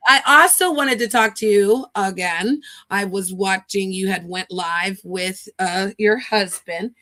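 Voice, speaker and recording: A woman hosting a live online chat, casual and animated, who keeps calling people "darling" and "girl". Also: medium pitch, measured pace, no echo. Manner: animated, playful, says "darling" and "girl" often. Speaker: livestream host. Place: online live audio room.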